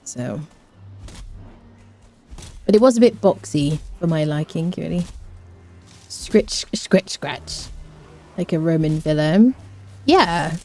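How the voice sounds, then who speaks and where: A woman's voice: low-pitched, animated, measured pace, long pauses, a little mellow, soft background music. A woman streaming a game, chatting casually, rambling, humming little tunes and answering her chat. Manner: chatty, rambling, hums and scats to herself, reads chat. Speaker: gaming streamer. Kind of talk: casual live-stream chat while playing.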